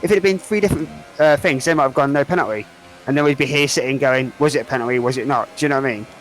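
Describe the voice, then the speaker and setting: A man's voice: medium pitch, very fast, faint music behind, low-quality recording. A man co-hosting a casual podcast, hesitant, often filling with um and uh and ending points on tag questions. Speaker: podcast co-host. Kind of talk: casual chat.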